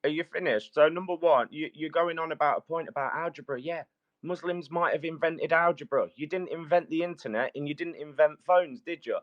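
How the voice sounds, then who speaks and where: A man's voice: fairly high pitch, a little fast. A middle-aged British man in a heated live audio debate, blunt and combative, who keeps complaining about being interrupted. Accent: British English. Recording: dull lo-fi call audio.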